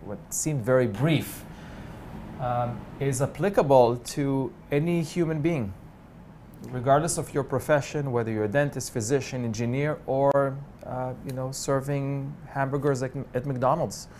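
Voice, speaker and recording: An interview co-host talking eagerly and quickly, with many fillers. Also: medium pitch, darkish tone, slight background noise. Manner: fast, filler-heavy, eager.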